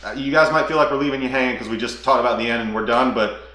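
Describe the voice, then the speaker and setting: A man co-hosting a casual gaming talk, retelling scenes with animated energy. His voice is bright and forward, and he breaks into quick character impressions. The room gives his voice a noticeable echo. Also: medium pitch. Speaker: co-host of a gaming channel. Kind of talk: casual spoiler chat about a game.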